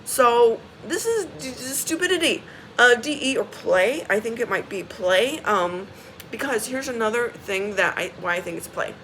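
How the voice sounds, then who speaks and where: Bright-voiced woman ranting bluntly. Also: on the high side, expressive, moderate pace, a little hiss or hum, poor audio. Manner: exasperated, blunt and profane; emphatic, repeats key phrases. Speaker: vlogger. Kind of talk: casual ranting storytelling.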